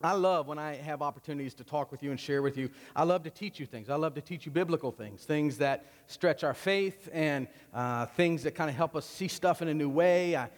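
A man's voice: on the high side, a little fast, few pauses, big-room sound. A man preaching a sermon to his congregation in a conversational, joking way. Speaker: pastor. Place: church sanctuary.

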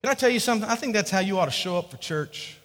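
A male pastor delivers a lively sermon, telling the story and acting out the characters as he goes. His voice sits high and bright. It rings out with a long hall reverb. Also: rapid-fire.

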